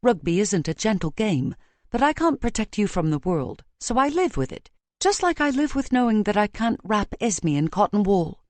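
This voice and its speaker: A woman narrator playing a tender, resolute young woman in an audiobook, softly tearful but firm. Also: mid-range voice, very animated, normal speed, dry recording, close to an everyday voice. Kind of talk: audiobook character voice.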